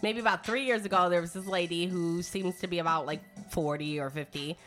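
A middle-aged woman hosting a podcast, telling a story in a profane, animated way and acting out what people said. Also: lowish voice, a little fast, faint music behind. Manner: animated storytelling, profane, acts out quotes loudly. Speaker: podcast host. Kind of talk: casual podcast chat.

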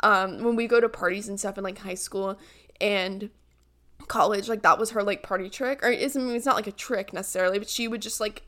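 A woman's voice: mid-range voice, a little fast, a bit bright. A young American woman co-hosting a podcast, chatting casually and rambling with lots of fillers and giggles. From United States. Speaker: podcast co-host. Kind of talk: casual chat.

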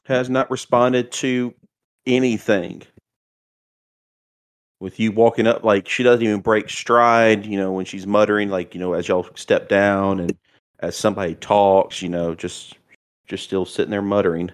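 A man with a somewhat low voice acts as game master for a tabletop horror game, narrating in halting, searching descriptions. His intonation is fairly even and his tone clear and resonant.

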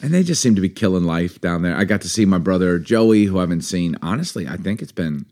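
Male co-host, 30s, casual and playful, very animated pitch. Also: quick pace. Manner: playful, laughs often, breaks into song. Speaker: podcast co-host. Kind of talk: casual chat.

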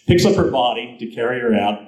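A man's voice: mid-range voice, expressive, quick pace, a little mellow, reverberant, rough recording. A man speaking to an audience, telling film history anecdotes and acting out the quoted voices as he goes. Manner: storytelling, acts out quoted voices.

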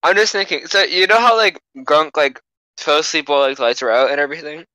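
A young man with a high, bright voice, recorded dry and close. He tells his stories in a rambling way, full of fillers and giggles, during a casual chat among friends. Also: fast talker, dry recording, rough recording.

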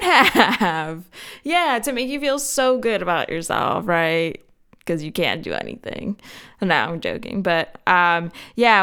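Woman host, 30s, self-deprecating casual chatter, unhurried delivery, very clear tone. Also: lowish voice, fairly bright tone. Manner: rambling, filler-heavy, self-mocking with frequent laughs. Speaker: podcast host. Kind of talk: casual solo chat.

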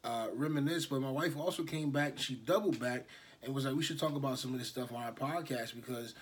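A man in his thirties hosts a casual podcast in a husky voice of middling pitch. He talks in a relaxed, halting, slangy way. No proper mic is set up. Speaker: podcast host. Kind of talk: casual chat. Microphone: no proper microphone set up.

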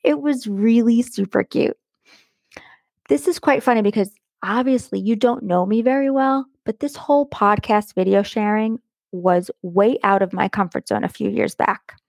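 A middle-aged American woman hosts a motivational podcast, her voice gushing and affectionate, with a slight gravelly fry at the ends of phrases. She leans on words to stress them. The sound is close and dry, with no room around it. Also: medium pitch, normal speed, darkish tone, dry recording. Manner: enthusiastic and affectionate, stretching words for emphasis. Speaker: podcast host. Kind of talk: warm motivational podcast monologue.

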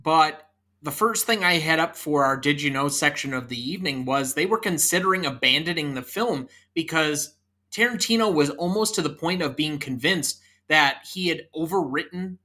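Sharp-toned and a little high, this thirties-aged man speaks at a normal speed. He's a chatty co-host on a laid-back movie podcast who leads the conversation with trivia.

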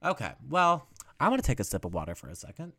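A man's voice: mid-range voice, fast. A man hosting a solo music podcast, chatting casually with lots of fillers and jokes at his own expense. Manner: chatty and self-mocking, many fillers, swoops up when excited. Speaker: podcast host.

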